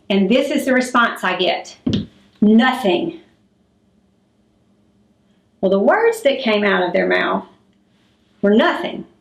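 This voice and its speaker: Woman teaching in an echoey classroom. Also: fairly high pitch. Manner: clear and demonstrative, acting out examples. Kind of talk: classroom lesson on public speaking. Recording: echoey room.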